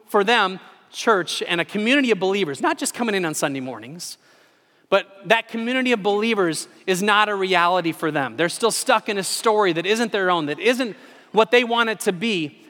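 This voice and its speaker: A man in his forties preaching a sermon in a church, telling a personal story with animated, self-deprecating humor. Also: high voice. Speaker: pastor. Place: church sanctuary. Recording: long reverb of a large hall.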